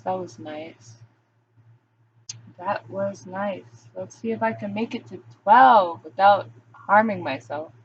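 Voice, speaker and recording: A woman's voice: low voice, a little hiss or hum. Candid young woman rambling in a vlog. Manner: rambling, candid, heavy use of "like". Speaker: vlogger. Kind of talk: confessional vlog monologue. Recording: dull lo-fi recording.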